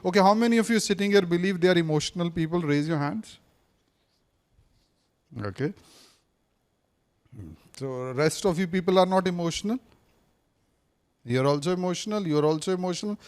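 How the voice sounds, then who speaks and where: A man with a fairly high voice leads a classroom lesson, firing questions at his audience and circling back to the same point. He talks to the room in a teacherly, probing way. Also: normal speed, pauses often, clean tone. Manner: questions the audience, repeats points, switches briefly into Hindi. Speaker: speaking coach teaching a class. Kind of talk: interactive classroom lecture.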